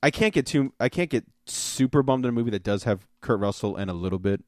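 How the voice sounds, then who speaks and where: A man hosting a podcast, chatting casually in a rambling, excitable, profane way. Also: mid-range voice, fast talker, no room sound, clean studio sound. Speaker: podcast host. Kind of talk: casual chat.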